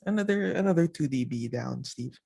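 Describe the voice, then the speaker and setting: A man hosting a live video call, giving brisk technical directions during sound checks. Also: mid-range voice, lively intonation, gravelly, mellow, slightly rough, no echo, studio quality. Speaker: host running audio checks. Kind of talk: casual live call chat.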